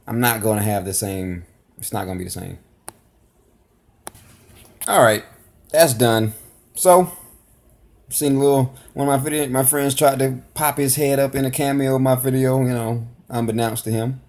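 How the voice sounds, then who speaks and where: A man's voice: mid-range voice, moderate pace, pauses often, a little mellow. A man hosting a reaction video, chatting casually to camera in a rambling, apologetic way.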